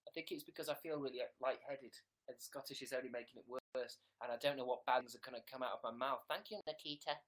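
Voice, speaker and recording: A young man chatting casually on a live stream, deadpan and self-mocking, often trailing off into mumbles. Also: mid-range voice, quick pace, hardly any pauses.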